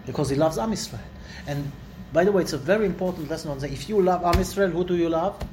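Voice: quick pace, background noise. A Torah teacher giving a Bible lesson to a small class indoors, acting out quoted lines with rising, dramatic delivery. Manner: animated, acts out quotes with rising pitch. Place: indoor room with listeners.

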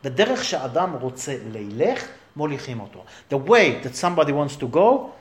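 Man teaching a torah class, high voice, swings widely in pitch, emphatic, echoey room. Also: racing. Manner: animated, emphatic, rhetorical questions.

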